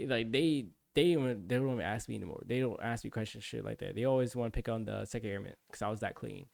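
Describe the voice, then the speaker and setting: A man's voice: on the low side, fast talker, vocal fry, a little mellow, no echo. A young man casually telling a long story on his livestream, rambling and profane, full of restarts. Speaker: streamer.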